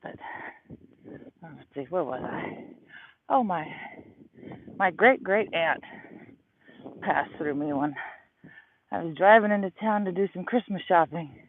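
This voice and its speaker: A man in his thirties with a fairly high voice, chatting and rambling through stories while he hikes uphill outdoors. He is a little out of breath, and his voice comes through a narrow, tinny phone mic. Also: expressive, slow, pauses often, a little hiss or hum. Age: 30s. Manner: rambling, storytelling. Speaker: livestreamer. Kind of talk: casual livestream chat while walking. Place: outdoors on a hillside.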